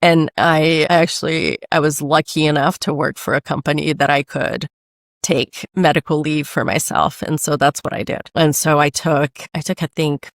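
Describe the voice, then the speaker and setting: A woman in her forties from Brazil, telling her story in a casual interview in an animated way, with many restarts and acted-out quotes. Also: sits low, normal speed, dry recording, studio quality. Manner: animated, restarts often, acts out quoted voices. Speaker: guest, medical sales rep and mother.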